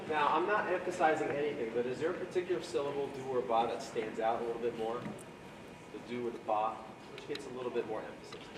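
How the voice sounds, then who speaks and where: A man coaching a school jazz band, explaining breathing and swing eighth notes and singing the rhythms aloud. He is picked up from well away from the mic in an echoey room. Steady background noise sits under his voice. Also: medium pitch, fast, far from the mic. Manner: sings swing syllables and counts off the band. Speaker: jazz clinician.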